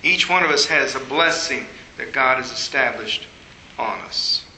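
A man preaching a sermon, telling a personal story and jumping higher in pitch when he acts out his younger self. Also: animated, unhurried, sharp tone, echoey room, slight background noise, poor audio. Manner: storytelling, rising high when acting out his past self.

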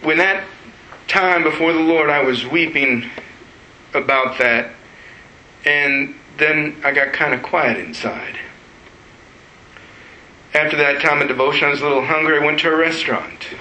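A pastor gives a sermon testimony, emotionally retelling a personal story in a fairly high, sharp-toned voice. He speaks unhurriedly with long pauses, and the room has a roomy echo.

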